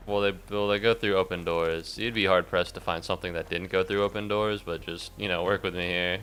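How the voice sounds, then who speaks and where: A man's voice: deep voice, steady tone, brisk, hardly any pauses, fairly bright tone, a little hiss or hum. A young man streaming a game, rambling and sarcastic, swearing a lot and yelping suddenly at the game. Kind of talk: casual gameplay commentary.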